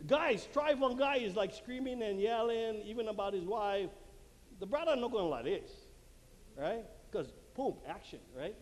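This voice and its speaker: Animated man speaking in a hall. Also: extremely high pitch, measured pace, long pauses. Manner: animated, acts out quotes, laughs at own jokes. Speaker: marriage conference speaker. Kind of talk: lively talk to a live audience. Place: church hall before an audience. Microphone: handheld mic. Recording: long hall reverb, faint room noise.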